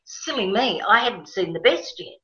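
A woman telling a personal story in a casual interview, animated and emotional, acting out her own past words. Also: mid-range voice, measured pace. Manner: animated, emotional, quotes herself with rising excitement. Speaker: guest. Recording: roomy, slightly dull sound.

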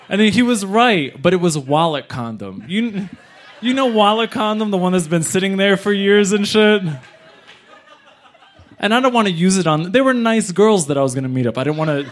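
Animated young man telling a story. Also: high-pitched, normal speed. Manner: animated, acts out other people's lines. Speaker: comedian telling a live story. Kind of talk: live storytelling.

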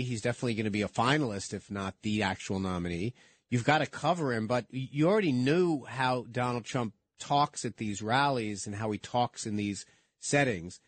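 Guy cohosting a politics show, talks fast, trips over his words, dry close mic. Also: mid-range voice, no room sound. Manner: quick, repeats himself, restarts often. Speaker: co-host of a political talk show. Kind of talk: casual political debate chat.

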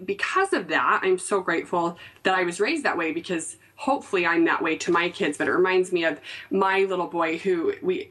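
Lively storytelling woman with a lower voice. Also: poor audio. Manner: animated storyteller, laughs often, acts out quotes. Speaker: podcast host. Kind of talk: casual chat.

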